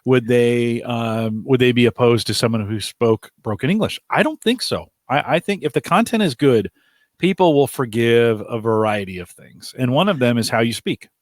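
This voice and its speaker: A man's voice: mid-range voice, normal speed, no echo, studio quality. A man co-hosting a live podcast, giving practical advice in a casual, explanatory way. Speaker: podcast co-host.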